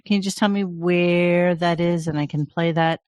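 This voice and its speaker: Podcast host rambling through the show notes, mid pitch, dry mic. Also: steady tone, moderate pace, darkish tone, smooth, no echo. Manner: chatty, rambling, laughing asides. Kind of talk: casual chat.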